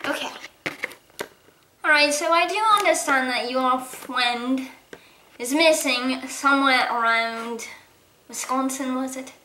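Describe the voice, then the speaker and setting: Woman, high, bright, slow-paced, playful, improvised toy-horse role-play, switching voices, echoey room. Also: a little hiss or hum. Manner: playful, switches between character voices, giggly. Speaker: toy horse video creator voicing every character.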